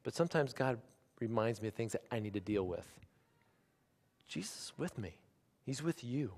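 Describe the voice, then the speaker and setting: A pastor in his forties preaching a sermon, shifting from hushed, intimate asides to loud, emphatic declarations. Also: medium pitch, moderate pace, long reverb tail. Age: 40s. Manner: animated preaching, swinging from quiet asides to loud emphatic lines.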